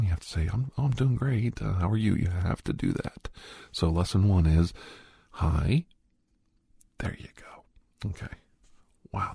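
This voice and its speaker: Husky low-voiced man in whispered role-play. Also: mellow, no room sound. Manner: rambling, coaxing, half-whispered advice.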